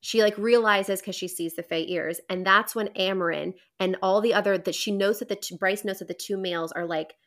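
A young woman hosts a podcast in a loose, chatty recap, rambling along with plenty of fillers and bursts of enthusiasm. Her voice sits at a middling pitch. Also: fairly even intonation, a little fast, hardly any pauses, fairly bright tone. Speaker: podcast host. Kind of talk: casual book-recap chat.

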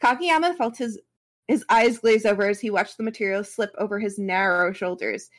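A woman's voice: mid-range voice, moderate pace. A woman reading a fan story aloud as a podcast co-host, stopping now and then for casual asides.

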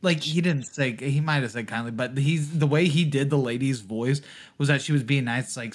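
A man's voice: medium pitch, fairly quick. A man co-hosting a podcast, ranting profanely in casual chat and laughing often. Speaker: podcast co-host.

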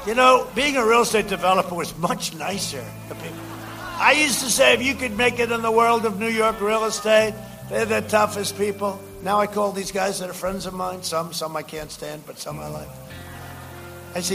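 A man speaking at a campaign rally, rambling and repeating phrases and shouting out to the crowd. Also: high-pitched, normal speed, vocal fry, soft background music.

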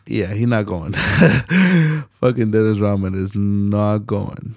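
A man's voice: on the low side, takes it slowly, dry recording, studio quality. A young man hosting a solo podcast late at night, ranting bluntly with heavy profanity and slang. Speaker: podcast host.

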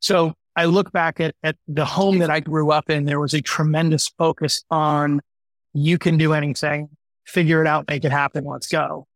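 A man in his forties, a guest entrepreneur telling his story in an interview, animated and acting out the voices of people he quotes. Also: fairly high pitch, moderate pace, dry recording.

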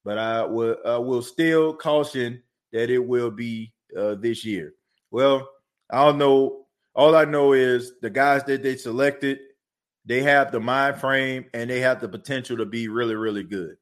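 A man's voice: medium pitch, measured pace. Heated man ranting about football. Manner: heated, ranting, repeats himself. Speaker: podcast host. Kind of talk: casual sports talk.

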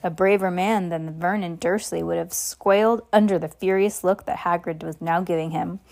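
Lowish-voiced woman reading aloud. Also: steady tone, moderate pace, creaky, darkish tone. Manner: unpolished, with slips and asides to a listener. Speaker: reader.

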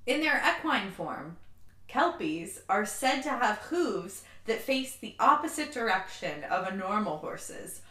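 A woman's voice: medium pitch, very animated, measured pace, fairly bright tone, roomy sound. A woman co-hosting a casual podcast, reading out facts with frequent giggles and self-deprecating asides. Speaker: podcast co-host presenting research.

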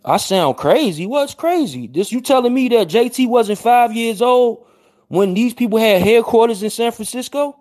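High-voiced man firing rhetorical questions. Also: normal speed. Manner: animated, slangy, fires rhetorical questions. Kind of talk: heated casual commentary.

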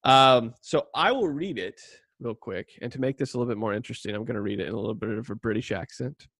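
A chatty male podcast host and former youth pastor, rambling with plenty of fillers and self-mocking jokes. He sits close to a cheap budget mic in a dry, deadened space with no room echo. His voice has a middling pitch. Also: fast talker, a bit bright. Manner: rambling, self-deprecating, many fillers and laughs. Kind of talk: casual chat and scripture reading.

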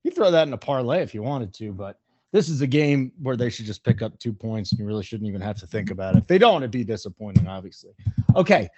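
A man hosting a casual sports talk show, opinionated and brisk as he weighs odds and teams. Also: mid-range voice, big pitch swings, warm tone, husky, dry recording, muffled recording. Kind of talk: casual sports radio chat.

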